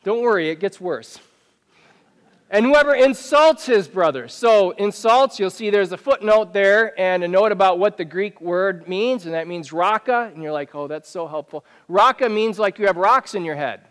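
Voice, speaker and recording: A man preaching a sermon as pastor, talking in a conversational, animated way with many questions to the listeners. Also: sits high, normal speed, hardly any pauses. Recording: long reverb of a church hall.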